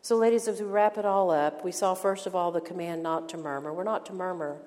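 An older woman teaching a women's Bible study in an earnest, emphatic sermon style, slowing down to stress key phrases. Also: lowish voice, steady tone, a little mellow. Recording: long hall reverb.

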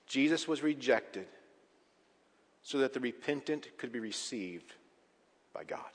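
A man preaching a sermon as a pastor, emphatic, with big swings in pitch and loudness. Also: lively intonation, measured pace. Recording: reverberant hall.

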